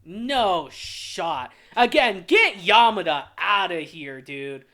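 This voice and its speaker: Young guy venting hard and swearing a lot, highish voice that jumps all over, takes his time. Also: expressive, takes it slowly, few pauses, sharp tone. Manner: heated, profane, exasperated ranting. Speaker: anime reviewer, channel host. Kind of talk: casual reaction rant.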